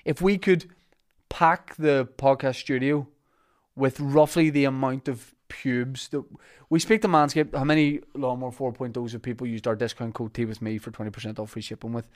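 A Northern Irish man hosts a podcast in an easygoing, rambling way, full of fillers, restarts and jokes. His voice sits at an ordinary middle pitch for a man. He talks loosely, even when he reads out ads. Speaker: podcast host. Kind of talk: casual podcast chat and sponsor reads.

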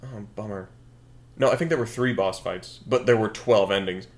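A young man co-hosts a casual podcast, working out a story idea aloud. His voice sits a little low, and he keeps circling back, correcting himself and stacking fillers as he goes. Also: moderate pace, darkish tone. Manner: rambling, thinks aloud with fillers and self-corrections. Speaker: podcast co-host.

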